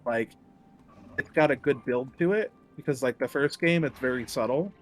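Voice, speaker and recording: A man's voice: medium pitch, normal speed. Man streamer, laid-back casual chat, dry sarcasm, faint music underneath.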